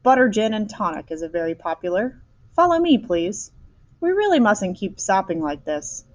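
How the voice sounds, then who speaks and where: A woman voicing a brisk, eccentric male chocolate maker who hurries everyone along, reading a storybook aloud. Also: mid-range voice, big pitch swings, lightly acted, low-quality recording. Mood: brisk cheer.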